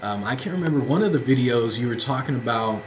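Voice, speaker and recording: Man, interviewer, casual questions, relaxed delivery, medium pitch. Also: fast talker, slight background noise, low-quality recording. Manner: relaxed, with many fillers and restarts.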